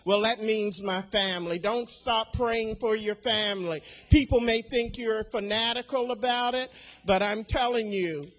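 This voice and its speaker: An older woman giving a sermon testimony, slow and deliberate, swelling to loud emphatic declarations and repeating key phrases. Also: a little high. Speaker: speaker at a women's church gathering.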